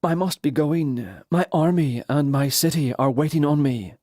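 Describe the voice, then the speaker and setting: Brief: cool, clipped noblewoman, voiced by a man, slightly raised pitch, dry. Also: normal speed, dark tone, no room sound, lightly acted. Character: proud, cold, scorned woman ruler. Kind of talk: audiobook character voice.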